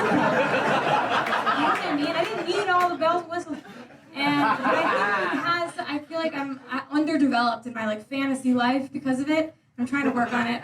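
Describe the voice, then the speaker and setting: A woman's voice: high voice, noisy background. A young woman performing a stand-up set in a conversational, self-deprecating way, often slipping into quoted voices. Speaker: stand-up comedian. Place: comedy club stage. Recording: roomy club sound from a distance, loud crowd laughter. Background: audience laughing.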